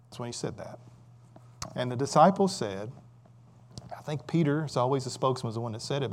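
Man preaching, quick rhetorical questions. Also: fairly high pitch, animated. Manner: swings between loud emphatic and quiet asides. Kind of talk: sermon.

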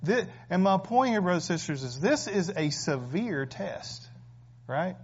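A man's voice: sits high, sing-song, unhurried, breathy edge. A man preaching a sermon, emphatic and full of rhetorical questions. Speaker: pastor. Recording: dull lo-fi recording.

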